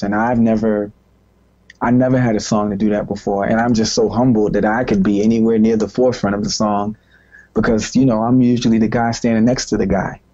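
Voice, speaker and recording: A man's voice: mid-range voice, mellow, highs cut off. A man giving a recorded interview, talking reflectively in a rambling way with many restarts. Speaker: interviewed musician.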